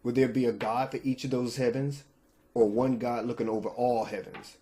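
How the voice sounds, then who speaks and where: A man's voice: mid-range voice, level tone, normal speed, dark tone. A man hosting a casual vlog, opinionated and speaking directly to his viewers. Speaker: channel host.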